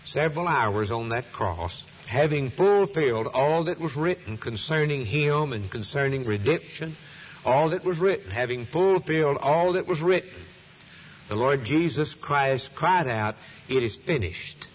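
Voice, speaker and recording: A man's voice: fairly high pitch, expressive, a little slow, a little hiss or hum, rough recording. A male preacher delivering a sermon in an emphatic cadence, repeating phrases and letting his voice rise and fall for weight.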